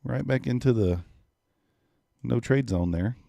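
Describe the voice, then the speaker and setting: A man's voice: medium pitch, a little slow, vocal fry, dark tone, no echo. A man in his thirties giving laid-back casual commentary on a live trading stream, talking to chat viewers. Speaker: livestream day trader.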